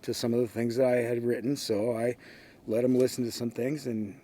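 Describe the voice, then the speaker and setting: This sixty-something ex-record executive from San Francisco, USA, recounts stories in an easygoing interview, regularly quoting what others said. He speaks briskly with a warm, medium-pitched voice and little pitch movement.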